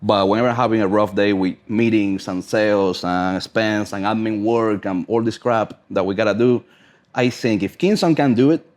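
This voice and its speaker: A man's voice: fairly low pitch, moderate pace. A man speaking English with a non-native accent, chatting bluntly as a podcast guest with plenty of swearing. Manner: blunt, profane, emphatic storytelling. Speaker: podcast guest, brand ambassador. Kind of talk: casual podcast chat.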